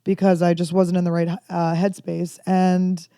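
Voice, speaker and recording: A woman comedian in her thirties telling candid, rambling stories with dark jokes in a casual podcast chat. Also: lowish voice, flat delivery, moderate pace, smooth, no echo, studio quality. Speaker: comedian guest.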